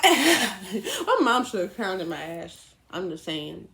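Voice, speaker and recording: Animated young woman telling a story. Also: slow. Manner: animated, laughing, profane, swings high and low. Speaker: vlogger. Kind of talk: storytime chat.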